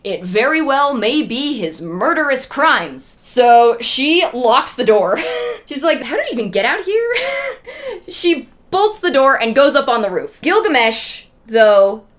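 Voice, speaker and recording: A woman's voice: high voice, big pitch swings, slow. A woman streamer casually retelling an ancient epic in a chatty, humorous way, with lots of asides. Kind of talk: casual storytelling.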